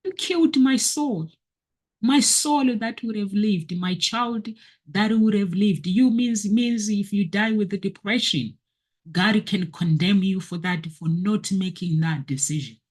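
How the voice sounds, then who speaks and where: Woman vlogger preaching to camera, husky voice, keeps repeating herself for emphasis. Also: medium pitch, a little slow. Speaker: motivational vlogger. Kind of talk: personal testimony, preachy monologue.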